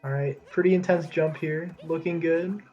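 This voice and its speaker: A man's voice: on the high side, steady tone, normal speed, dark tone, highs cut off, soft background music. A man giving chatty, knowledgeable commentary on a video game speedrun, explaining tricks as he goes.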